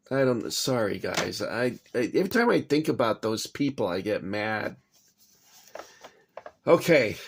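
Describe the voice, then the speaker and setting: A man talks slowly, with a gravelly, creaky voice. He rambles at home in a casual vlog, agitated, swearing and then apologizing. His pitch sits in an average range. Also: a little hiss or hum. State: shaking after anger. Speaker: toy collector vlogger. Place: home kitchen.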